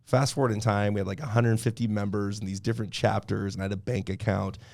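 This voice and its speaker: A man, a podcast guest, telling stories in a casual, animated way and laughing often. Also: fairly low pitch, fast, creaky, dry recording. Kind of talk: casual storytelling.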